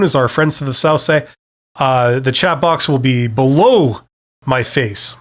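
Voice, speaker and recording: A man's voice: medium pitch, unhurried. A middle-aged man from Canada hosting a live-stream Q&A, talking casually with many fillers and self-deprecating asides. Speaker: host.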